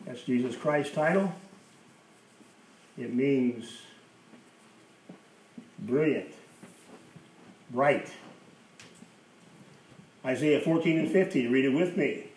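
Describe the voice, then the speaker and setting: A man's voice: a little high, a little slow, pauses often, a little mellow. A man preaching a sermon as pastor, emphatic, repeating key phrases for effect. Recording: roomy, distant mic with faint hiss.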